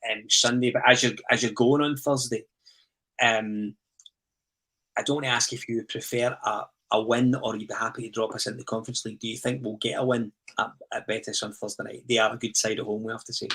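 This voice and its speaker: A middle-aged man hosting a football podcast, asking questions in a halting way with many restarts. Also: mid-range voice, level tone, sharp tone, breathy edge. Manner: hesitant, restarts and "um" while framing questions. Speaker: podcast host. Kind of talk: casual football podcast chat.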